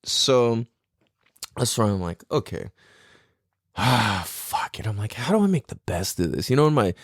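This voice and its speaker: A young man hosting a podcast, telling a story in a casual, profane, animated way with frequent laughter and acted-out inner thoughts. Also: mid-range voice, unhurried, no room sound, studio quality. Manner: animated, profane, laughing often, acts out his own thoughts. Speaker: podcast host.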